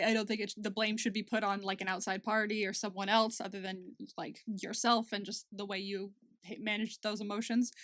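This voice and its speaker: A young woman co-hosting a podcast in casual chat, talking in quick restarts and laughing often. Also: mid-range voice, fairly bright tone, no echo, clean studio sound. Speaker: podcast co-host.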